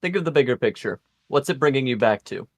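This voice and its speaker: Guy at a tabletop game, really lively up-and-down voice, gentle and reassuring. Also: mid-range voice, quick pace. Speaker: player. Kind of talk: tabletop role-play chat.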